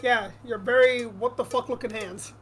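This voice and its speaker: A woman streaming a rhythm game, chatting casually with friends and reading the game's lines aloud, giggly and excitable. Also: a little high, normal speed. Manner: giggly, excitable, talks over others. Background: game music.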